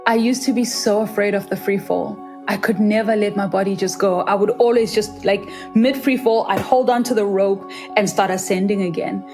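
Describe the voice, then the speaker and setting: A woman's voice: fairly even intonation, normal speed, few pauses, darkish tone, soft background music. A South African woman, a freediver, telling her story in an earnest, vivid interview, sometimes acting out the voices of others. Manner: earnest and vivid, acts out quoted voices in a higher pitch. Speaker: freediver, guest.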